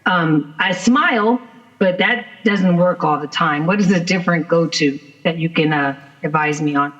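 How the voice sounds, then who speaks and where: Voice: mid-range voice, normal speed. Direct-speaking congregant, muffled sound. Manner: self-described direct speaker, not soft-spoken. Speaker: congregant asking a question.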